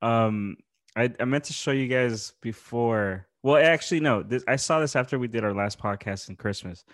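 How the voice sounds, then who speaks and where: A man co-hosting a podcast who keeps the chat casual. He reacts in a laid-back way and talks in an everyday middle-pitched voice. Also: moderate pace. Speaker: podcast co-host.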